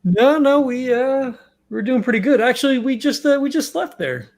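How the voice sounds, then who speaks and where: A man's voice: extremely high pitch, lively intonation, moderate pace, a little mellow. Casual, swearing man player. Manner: casual, swears, hesitant fillers. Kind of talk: casual tabletop play.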